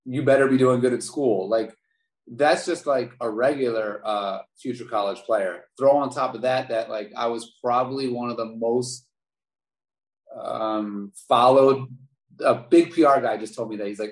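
Animated storyteller, a man in a roomy space. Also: medium pitch, normal speed. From Baltimore, USA. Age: 40s. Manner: animated storyteller, repeats words. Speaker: podcast guest, former basketball player. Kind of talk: interview storytelling. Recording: roomy echo.

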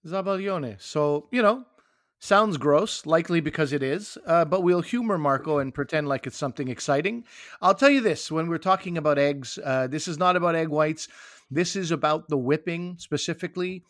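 A middle-aged man hosting a casual food podcast, with a teasing, wry manner and quick banter. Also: a little high, fairly bright tone, dry recording, clean studio sound. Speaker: podcast host.

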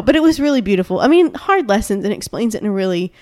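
A woman's voice: mid-range voice, lively intonation, very fast, hardly any pauses, darkish tone, no echo. Gushing chatty woman, dry close sound. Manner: gushing, chatty, full of "like" and restarts. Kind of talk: casual chat.

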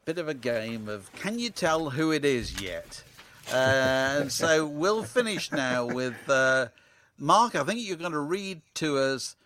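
Measured podcast host, dry sound. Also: male voice, medium pitch, a bit bright, dry recording. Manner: measured, hesitant with fillers. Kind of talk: casual chat.

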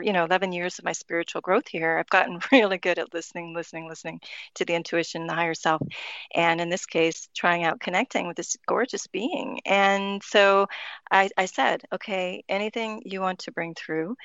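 A woman's voice: on the low side, a bit bright, dry recording, highs cut off. A woman talking as a podcast guest in casual conversation, chatty and spiritual, laughing often and using many "like" fillers.

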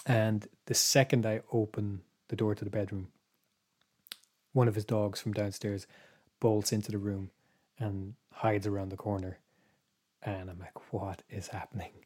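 A man's voice: fairly low pitch, little pitch movement, moderate pace, a little mellow. Hesitant man telling a story. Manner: meandering, hesitant, drops to whispers in quoted thoughts. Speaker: podcast co-host. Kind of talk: casual storytelling chat.

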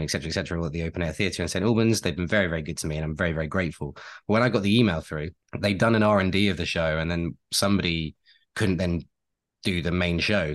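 Deep-voiced man, chatty podcast host. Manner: chatty, self-deprecating, rambling asides. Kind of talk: casual chat.

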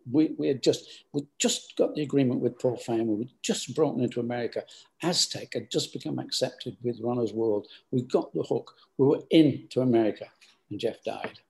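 Older man with a gravelly voice. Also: medium pitch, moderate pace, a little mellow. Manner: rambling, hesitant, many restarts. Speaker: business founder. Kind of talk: storytelling interview answers.

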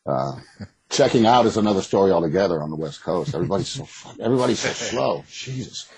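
Guy being interviewed, low husky voice, rambles fast and candid. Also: animated, darkish tone, rough recording. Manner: rambling, candid, frequent restarts and laughter. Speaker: author and interview guest. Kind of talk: casual interview conversation. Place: West Coast.

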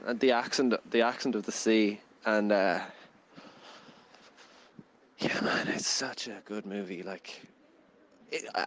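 A man's voice: medium pitch, low-quality recording. Rambling young man reviewing films. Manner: rambling, full of "like" fillers, laughs often. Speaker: podcast co-host, film reviewer. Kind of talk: casual film review chat.

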